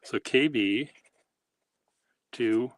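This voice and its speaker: A man chatting casually, telling meandering, halting anecdotes as the host. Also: mid-range voice, no echo. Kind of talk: casual rambling chat.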